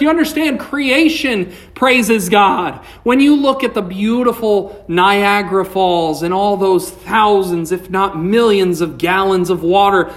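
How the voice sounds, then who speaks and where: A male pastor delivers a sermon at an unhurried, deliberate pace. His preaching swells with passion and then sinks low, and he reads scripture aloud between points. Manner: impassioned preaching, rising and falling.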